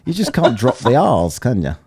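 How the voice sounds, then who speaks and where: A man's voice: mid-range voice, normal speed, slightly rough. A man with an English accent hosting a casual panel chat, swearing freely, teasing his guests and telling stories. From England. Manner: swearing, teasing, lively storytelling.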